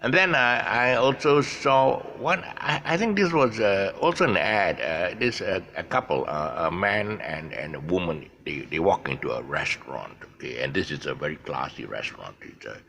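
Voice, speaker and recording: A man's voice: deep voice, expressive, normal speed, creaky, hardly any pauses, bright, forceful tone, a little hiss or hum. An older man from Malaysia tells stories in a casual, hesitant way, full of fillers. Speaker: vlogger. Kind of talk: casual storytelling monologue.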